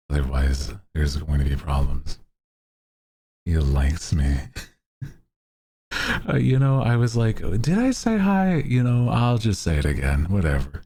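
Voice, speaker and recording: Guy streamer with a really deep low voice, slow and easy, chill chatting with his viewers. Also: warm tone, slightly rough. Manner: laid-back, greets chatters by name, chuckles often. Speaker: VTuber streamer. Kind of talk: casual stream chat greeting viewers.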